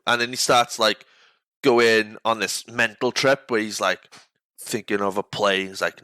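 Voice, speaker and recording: A man hosting a casual podcast chat, retelling scenes in an animated way, acting out lines and laughing often. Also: lowish voice, moderate pace, no room sound, poor audio. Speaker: podcast host.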